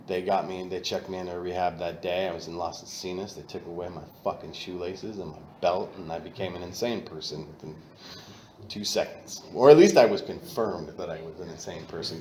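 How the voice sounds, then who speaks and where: Low-voiced man telling his recovery story. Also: lively intonation, normal speed, reverberant, a little hiss or hum. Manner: candid and profane, flares loud when reenacting. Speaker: AA meeting speaker. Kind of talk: personal recovery talk. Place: meeting room.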